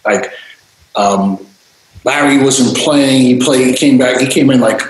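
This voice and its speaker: A man telling stories in a casual interview, animated and freely swearing, acting out voices. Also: mid-range voice, a little slow, very echoey, slight background noise, low-quality recording. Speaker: interview guest, DJ and producer.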